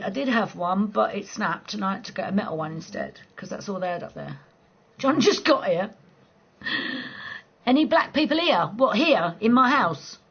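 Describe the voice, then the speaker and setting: A woman from southeast England with a local accent, chatting casually with viewers on a late-night live stream from home, blunt and quick to laugh. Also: a little high, slightly rough, muffled recording. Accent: southeast English. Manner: chatty, blunt, swears freely, laughs easily.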